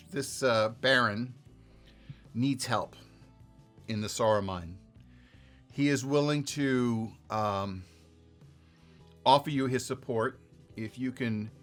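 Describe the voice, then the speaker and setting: A man narrating a tabletop role-playing game as game master, halting with many fillers and restarts. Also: medium pitch, a bit bright.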